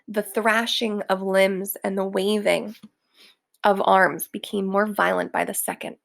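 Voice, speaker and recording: A woman reading a children's book aloud slowly and deliberately. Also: mid-range voice, steady tone, creaky, a bit bright. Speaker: reader.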